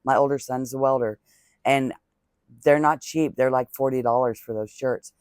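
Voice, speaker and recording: A man's voice: medium pitch, steady tone, normal speed, a little mellow, smooth, no room sound, studio quality. A man chatting casually to camera as a crochet vlogger, rambling and heartfelt, thanking viewers with religious blessings. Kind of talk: casual talking-to-camera vlog chat.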